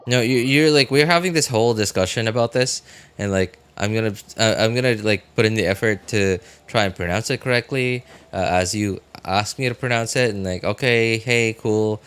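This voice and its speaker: Young dude streaming games, lowish voice, rambles a lot, tons of uhs and likes. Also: male voice, normal speed, a bit bright, smooth. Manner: rambling, filler-heavy, chats with viewers. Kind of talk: casual live-stream chat.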